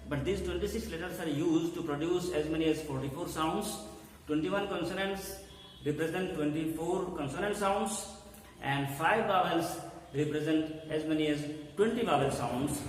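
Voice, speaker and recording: A man teaching an English pronunciation lesson, slowly repeating words for emphasis. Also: sits high. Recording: echoey hall, mic far off, faint hum.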